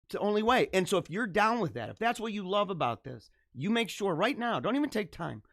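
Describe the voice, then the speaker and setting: A man hosting a casual live stream, reading viewer comments, animated and jokey, laughing often. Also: sits high, fairly quick, gravelly, dry recording, clean studio sound.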